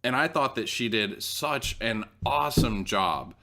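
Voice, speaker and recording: A man co-hosts a podcast, talking loosely and laughing often. His voice is bright with a tense, forward edge, and it sits at a middling pitch. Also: lively intonation, unhurried. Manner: chatty, laughs often, filler-heavy. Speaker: podcast co-host. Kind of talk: casual chat.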